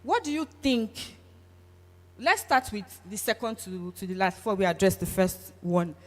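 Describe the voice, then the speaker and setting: A woman's voice: mid-range voice, expressive, moderate pace. Nigerian lady hosting an event, chatty and teasing, big hall echo. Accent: Nigerian English. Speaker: event host. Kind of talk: lively audience engagement. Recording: long hall reverb.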